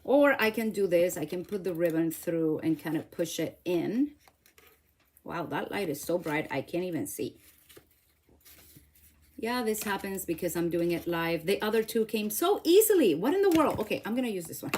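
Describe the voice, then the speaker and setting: A woman's voice: lowish voice, animated, normal speed, a little mellow. Middle-aged woman, craft host, chatty, self-laughing, talks to viewers, home craft table. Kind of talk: casual crafting demo.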